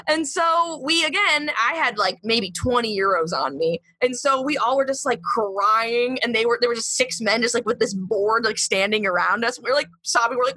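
A woman guest on a comedy podcast telling a story in a casual, chatty way, full of "like" and "um", with an animated retelling. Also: on the high side, fairly quick, few pauses, slightly rough. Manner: chatty, heavy with "like" and "um".

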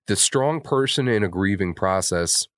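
Deep-voiced man, blunt and profane. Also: animated, unhurried, fairly bright tone, no echo, clean studio sound. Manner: blunt and heavily profane, openly emotional. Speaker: podcast co-host. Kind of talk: candid casual podcast chat.

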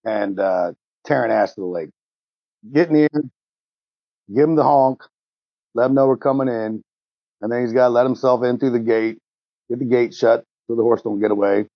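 A man's voice: mid-range voice, dry recording, dull audio. A man playing a tabletop role-playing game, describing scenes casually and rambling with fillers. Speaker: tabletop player. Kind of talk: improvised role-play narration.

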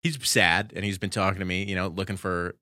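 A comedian co-hosting a podcast, chatting casually with crude, deadpan teasing. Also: male voice, sits low, fairly quick, no room sound, studio quality.

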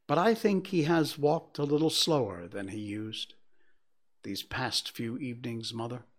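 A man's voice: medium pitch, lively intonation, a little slow. A man reading an earnest, bookish teenage son.

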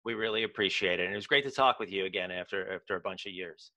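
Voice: sits low, fast talker, bright, forceful tone. A podcast host thanking and encouraging a guest in an interview.

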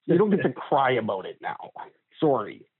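A man's voice: mid-range voice, big pitch swings, normal speed, breathy edge, no echo. A man in casual podcast chat, blunt and sardonic, swearing freely. His voice sits mid-range and comes through a narrow, phone-like band. The sound is dry, with no room around it. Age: older. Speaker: podcast co-host.

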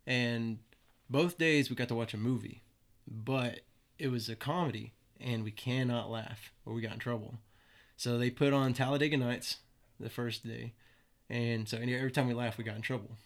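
A man's voice: medium pitch, fairly even intonation, normal speed, few pauses. Laid-back young man telling stories. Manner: loose and profane, laughs at his own stories. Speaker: guest. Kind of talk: casual storytelling.

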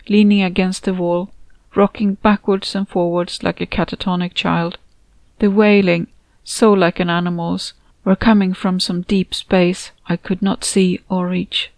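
A woman reading her own story aloud in a measured, steady storytelling voice. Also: fairly low pitch, vocal fry, no room sound. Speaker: author and narrator. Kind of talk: audiobook narration.

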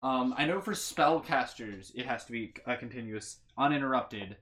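A woman's voice: very deep voice, moderate pace, a bit bright. A woman running a tabletop game as game master, narrating casually and hesitantly. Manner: hesitant, many ums and uhs.

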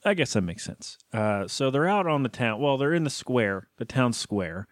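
A man's voice: mid-range voice, very animated, moderate pace, no room sound, studio quality. A man co-hosting a podcast, chatting casually and joking as he rambles through a TV episode recap. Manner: joking, rambling with many restarts. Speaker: podcast co-host. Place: podcast studio. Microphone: studio mic, talking close.

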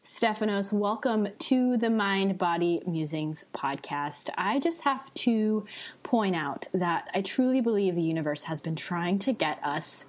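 A woman's voice: mid-range voice, lively intonation, measured pace, a little mellow. Gushing woman podcast host. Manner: gushing, enthusiastic. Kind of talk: casual conversational interview.

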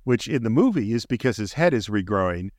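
A man's voice: fairly low pitch, big pitch swings, a little fast, darkish tone, dry recording. Man retelling a film scene, dry sound. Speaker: podcast co-host. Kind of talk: casual film discussion.

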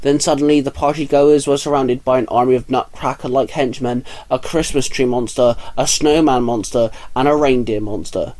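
A man narrating a fan story in a steady, even way. His voice sits at an ordinary middle pitch. The reading is plain and unhurried.

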